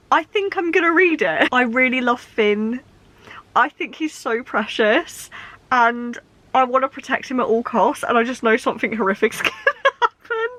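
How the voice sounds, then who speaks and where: A woman's voice: mid-range voice, a bit bright, no room sound. A young woman chatting casually in a book vlog, rambling along with frequent laughs and restarts. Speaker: book vlogger.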